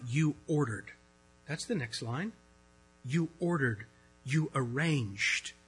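A man, a pastor, preaching an earnest, conversational sermon that swings between loud stretches and hushed ones. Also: high-pitched, breathy edge, poor audio. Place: church.

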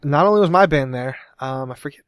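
A man's voice: on the high side, fast, no echo, clean studio sound. Rambling young man podcast co-host. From Cincinnati, USA. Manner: rambling, self-correcting, laughs often. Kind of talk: casual chat.

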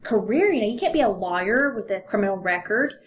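A woman's voice: mid-range voice, lively intonation, quick pace, a little hiss or hum. Chatty woman retelling a true-crime story. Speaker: podcast co-host.

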